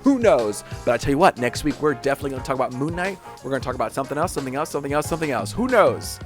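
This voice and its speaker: A man's voice: medium pitch, lively intonation, rapid-fire, faint music behind. A man hosting a podcast in casual chat, joking and thinking aloud with lots of fillers. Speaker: podcast host.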